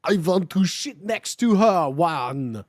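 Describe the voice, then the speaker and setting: A hotheaded goth teenage boy , played by a streamer, cursing and yelling in a lively, swooping voice. The delivery is slow and deliberate, recorded dry and close. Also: mid-range voice, dry recording. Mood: angry. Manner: swearing, shouty.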